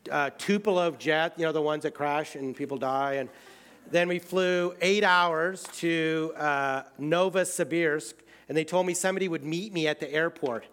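An American man telling a personal travel story in a casual way, full of fillers, swinging between excited outbursts and quiet, hushed moments. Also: a little high, moderate pace, clear, resonant tone. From United States.

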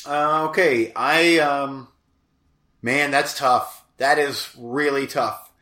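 A man's voice: medium pitch, steady tone, takes it slowly, pushed and bright, roomy sound. Rambling man with a crackly voice. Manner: rambling, self-deprecating, lots of fillers. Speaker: podcast co-host. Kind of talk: casual podcast chat.

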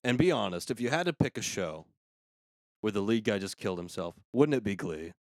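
A man hosting a casual comedy talk show, ranting sarcastically with quick asides. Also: lowish voice, lively intonation, no room sound, studio quality. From United States. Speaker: podcast host.

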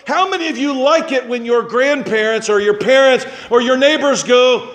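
A man's voice: very high-pitched, normal speed, few pauses. A man preaching a sermon as pastor in a church, building to fervent, emphatic delivery. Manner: rising to impassioned emphatic preaching.

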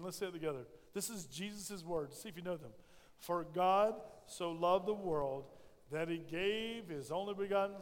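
Male pastor, high voice, sermon in a reverberant sanctuary, swings between loud emphasis and soft asides. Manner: preaching with rising emphasis and soft drops. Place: church sanctuary.

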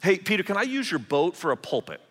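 Man doing a calm teacher asking gently, a little high, reverb of a hall. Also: fast, heavily acted. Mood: gentle.

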